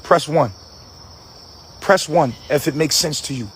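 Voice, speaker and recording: A man's voice: on the high side, measured pace. Male livestream host: raised voice, profane, repetitive preachy rant, faint background noise.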